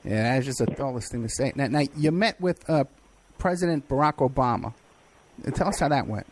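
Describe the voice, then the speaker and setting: A man's voice: mid-range voice, expressive, brisk, a little hiss or hum. A man hosting an interview who asks direct, probing questions. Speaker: host.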